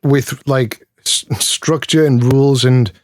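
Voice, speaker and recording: Slow and steady in tone, this Geordie man's mid-range voice has a darkish quality. He's a pedal builder from Newcastle, England, chatting casually as an interview guest, meandering, self-mocking and quick to laugh. No room sound, studio quality.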